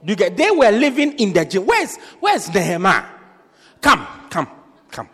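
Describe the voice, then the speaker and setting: A man preaching as a pastor, joking with the congregation and acting out quotes with sudden shouts. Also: high-pitched, wildly swooping pitch, moderate pace, breathy edge. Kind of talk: lively sermon. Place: large church hall. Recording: reverberant hall.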